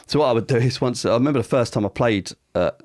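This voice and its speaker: Guy, 40s, chatty storyteller doing the voices, quick talker, dry sound. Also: medium pitch, no echo. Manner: animated, acts out quoted voices, casual swearing. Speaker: podcast guest, DJ. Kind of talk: casual anecdotal storytelling.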